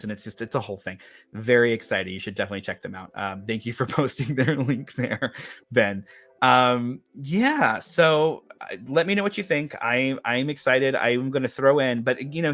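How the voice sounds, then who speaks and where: Chatty, gravelly man hosting a craft livestream. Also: medium pitch, a bit bright. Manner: chatty, rambling, upbeat, reads out viewer comments. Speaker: host of a craft and witchcraft livestream. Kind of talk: casual livestream chat.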